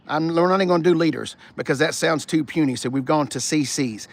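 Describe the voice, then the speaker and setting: A man's voice: a little high, quick pace, few pauses, no room sound. A man hosting a casual live car walkaround on a sunny outdoor dealership lot, rowdy and joking, swearing freely.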